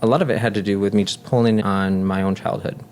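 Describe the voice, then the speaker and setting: A man in his thirties, a nurse and guest, telling personal stories in an earnest, talkative way and dropping soft and low when he reflects. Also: fairly even intonation, fast talker, a little hiss or hum. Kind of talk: casual chat.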